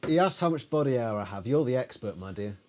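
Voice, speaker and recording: A man's voice: medium pitch, expressive, fast talker, darkish tone, a little hiss or hum. A man hosting a casual watch-along chat, wry and laughing as he explains the game's rules. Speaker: host of a watch-along show. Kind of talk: casual chat reacting to a TV episode.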